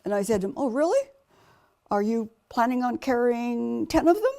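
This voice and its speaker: Gravelly-voiced woman telling her testimony. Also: fairly high pitch, moderate pace. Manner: animated, dramatic storyteller who acts out quoted voices. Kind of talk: personal testimony storytelling.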